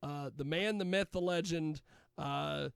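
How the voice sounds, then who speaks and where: A man's voice: a little high, a little slow, creaky, slight background noise. A man hosting a casual talk show, rambling with many fillers and restarts. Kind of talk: casual chat.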